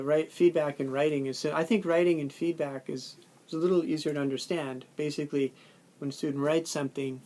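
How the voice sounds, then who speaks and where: A man's voice: on the high side, a little mellow. Guy talking through a textbook chapter, lots of uh and um, restarts, acts out what students and teachers say. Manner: informal, thinking aloud with many fillers and restarts. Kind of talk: casual lecture recording.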